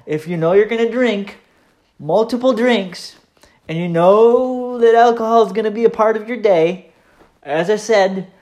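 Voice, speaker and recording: A man's voice: high voice, darkish tone. Chatty Michigan man hosting a podcast. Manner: rambling, self-deprecating, chatty with frequent fillers. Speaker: podcast host. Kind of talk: casual solo podcast monologue.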